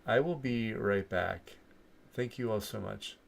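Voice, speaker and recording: A man's voice: lowish voice, unhurried, creaky, a little hiss or hum. A man from Florida with a New York accent, rambling casually to viewers as he sorts through coins and trails off mid-sentence. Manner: laid-back, talks to himself, trails off mid-sentence. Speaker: coin collecting channel host. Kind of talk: rambling casual commentary while sorting coins. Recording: loud clinking coins and typing close by. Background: coins dropping and keyboard typing.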